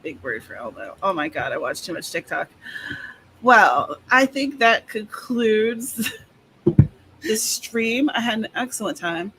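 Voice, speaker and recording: A woman's voice: mid-range voice, lively intonation, takes it slowly, background noise. A woman hosting a casual livestream for writers, chatting, reading out updates and laughing often. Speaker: host, author. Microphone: video call.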